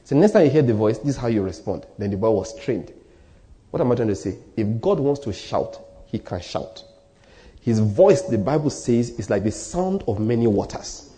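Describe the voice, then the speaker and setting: A man's voice: medium pitch, expressive, normal speed, warm tone. A man with a Nigerian accent preaching a sermon as pastor, emphatic and repeating his key lines, sometimes dropping almost to a whisper.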